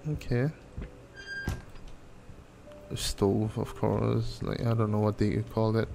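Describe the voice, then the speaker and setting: A man's voice: fairly low pitch, flat delivery, slow, vocal fry, mellow, faint music behind. Jittery, swearing man playing a horror game. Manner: nervous, jokey and profane, rambling. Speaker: gameplay channel host. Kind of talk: casual let's-play commentary.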